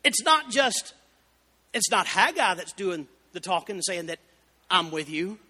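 A man preaching a fervent Baptist sermon, building up to shouted exclamations. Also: extremely high pitch. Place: church sanctuary. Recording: reverberant church hall.

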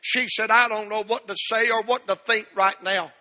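A middle-aged man preaching an emotional sermon as pastor in a church, with a drawn-out cadence that swells. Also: sits high, fairly even intonation, bright, forceful tone. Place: church sanctuary. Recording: long hall reverb.

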